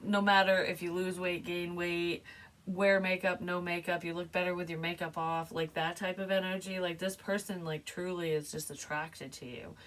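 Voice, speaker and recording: A woman's voice: lowish voice, little pitch movement, normal speed, fairly bright tone, far from the mic, rough recording. A middle-aged woman giving a casual tarot reading, rambling and frank and swearing freely. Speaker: psychic tarot reader.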